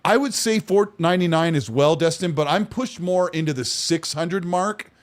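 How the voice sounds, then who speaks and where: A man's voice: a little high, moderate pace. A man hosting a gaming podcast, chatting casually, teasing his co-host and reading from the chat. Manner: teasing, reads chat aloud.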